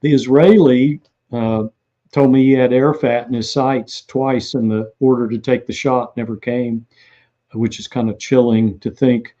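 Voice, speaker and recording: A man, an author being interviewed, telling lively stories and acting out what people said. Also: medium pitch, measured pace, highs cut off. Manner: animated anecdotal storyteller who acts out quotes. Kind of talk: interview storytelling.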